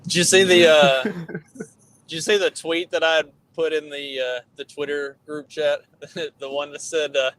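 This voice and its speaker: Joking man with a higher voice. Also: little pitch movement, normal speed, a bit bright, slight background noise, rough recording. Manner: provocative, joking, laughs at own jokes. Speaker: podcast co-host. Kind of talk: casual chat.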